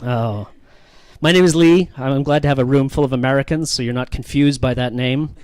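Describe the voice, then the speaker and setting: A man's voice: mid-range voice, normal speed, a little mellow, clear, resonant tone. A man doing stand-up crowd work, teasing the audience with profane jokes. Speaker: stand-up comedian. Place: comedy venue with live audience.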